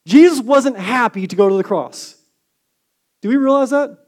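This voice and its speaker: A male pastor delivering a sermon in a high, light voice. He talks earnestly, stressing his key points with force and then sinking to a soft, hushed delivery. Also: animated, brisk. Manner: earnest preaching, swings from emphatic to hushed.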